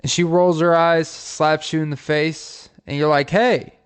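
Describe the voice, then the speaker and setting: A male podcast host tells comic scenarios in a rambling, profane manner. His voice sits fairly high and sounds smooth and clean, with plenty of filler pauses. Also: flat delivery. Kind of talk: comic storytelling.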